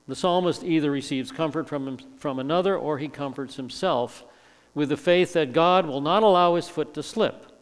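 A man's voice: on the high side, smooth. Older man preaching in a reverberant hall. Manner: emphatic, repeats words for stress. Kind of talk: verse-by-verse sermon.

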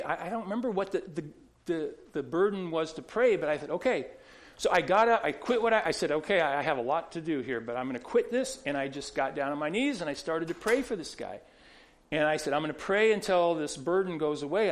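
A man pastor preaching a sermon, telling stories conversationally with many restarts and repeated words. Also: fairly high pitch.

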